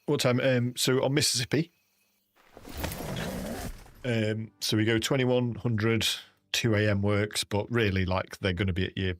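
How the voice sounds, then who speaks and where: A man's voice: lowish voice, steady tone, unhurried, long pauses. An English man chatting casually with viewers while livestreaming a hunting game, often calling them mate. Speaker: gaming livestreamer.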